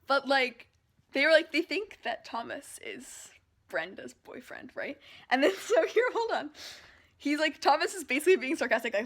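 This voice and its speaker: A woman with a high, bright-sounding voice talks through her reading in a casual vlog. She gushes and gets openly emotional, with quick swings between excitement and exasperation. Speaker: book vlogger. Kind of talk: casual read-along reaction.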